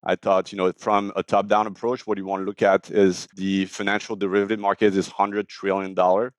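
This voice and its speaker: A man in his forties with a French accent, explaining his startup in an interview with frequent pauses and fillers. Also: low voice, flat delivery, no room sound. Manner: many fillers and restarts, explanatory. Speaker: startup founder, guest. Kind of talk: casual interview talk.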